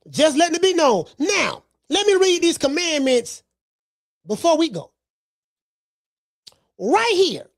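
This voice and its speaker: A woman's voice: sits high, no room sound, studio quality. A woman hosting a podcast, delivering brash, profane boxing commentary with lots of repetition. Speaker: podcast host.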